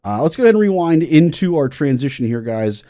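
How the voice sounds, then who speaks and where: A man's voice: on the high side, very animated, fairly quick, dark tone. A man, a music teacher, giving an enthusiastic casual reaction and music analysis, explaining theory in plain terms with frequent restarts.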